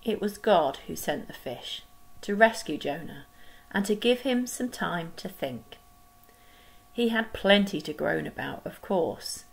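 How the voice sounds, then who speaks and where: A woman leads a school worship video, telling a Bible story to children. She speaks very slowly with a gravelly, creaky texture. The pauses between phrases are gentle and expressive. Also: fairly low pitch, poor audio. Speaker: school staff leading collective worship.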